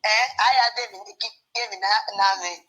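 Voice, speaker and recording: Woman, fast bright chatter, high voice, casual call-in tone. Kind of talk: casual chat.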